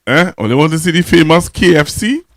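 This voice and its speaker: A man's voice: on the high side, expressive, brisk, a bit bright. A man with a Trinidadian accent hosting a casual call-in talk show, teasing callers and repeating himself mockingly. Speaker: radio talk show host.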